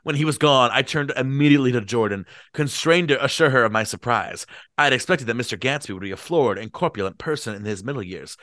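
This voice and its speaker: A man's voice: mid-range voice, fast, a bit bright, dry recording, studio quality. A man hosting a book reading, narrating with playful jokey asides. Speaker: host and reader. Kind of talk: book reading with comedic commentary.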